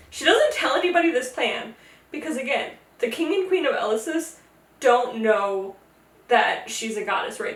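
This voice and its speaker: A woman hosting a casual, jokey retelling of a myth, slipping into quick character voices. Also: a little high, roomy sound, distant mic. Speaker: podcast host. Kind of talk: casual tipsy mythology retelling.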